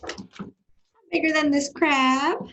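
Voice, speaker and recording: A woman voicing a boastful male giant squid in a children's storybook read-aloud, bragging in drawn-out proclamations. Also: high-pitched, fairly even intonation, sharp tone, dull audio, a little hiss or hum, pitched above the performer's own voice, heavily acted.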